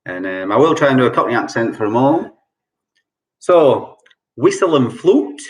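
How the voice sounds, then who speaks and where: A man's voice: medium pitch, sing-song, moderate pace. A man hosting an online quiz night from home over a video call. He repeats each clue several times and explains the answers in a chatty, jokey way. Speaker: quiz host. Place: at home during lockdown.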